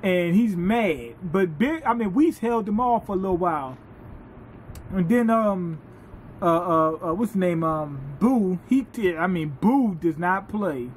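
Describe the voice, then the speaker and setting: A man casually reviewing an anime episode, telling it in an animated, profane, laughing way. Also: high voice, measured pace, slight background noise.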